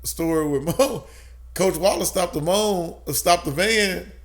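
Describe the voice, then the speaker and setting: Animated man telling stories. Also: high voice, takes it slowly, gravelly. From Tennessee, USA. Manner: animated, laughs often, swears. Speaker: guest. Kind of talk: casual storytelling.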